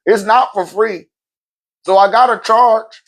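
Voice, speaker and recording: A man's voice: high voice, slow, fairly bright tone. A man who is a spiritual teacher and event host, giving a casual motivational talk, cursing freely, laughing often and restarting phrases as he goes. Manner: profane, emphatic, laughs often; repeats words while restarting phrases.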